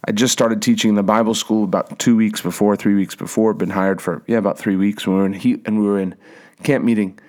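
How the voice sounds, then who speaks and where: A man's voice: lowish voice, steady tone, fast talker, a little mellow. Emphatic young male preacher. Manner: emphatic, repeats phrases, restarts words. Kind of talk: sermon with a personal story.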